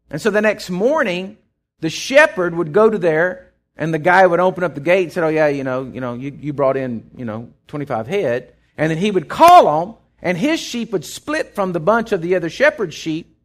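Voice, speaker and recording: Folksy Texan preacher, lively pitch. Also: male voice. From Texas. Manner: folksy storytelling, swings from loud to hushed. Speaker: pastor. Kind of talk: sermon.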